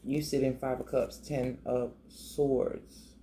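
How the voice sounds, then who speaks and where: A man's voice: medium pitch, flat delivery, takes it slowly, dark tone, a little hiss or hum. A man giving a casual, emotional tarot reading, talking conversationally with many restarts. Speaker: tarot reader.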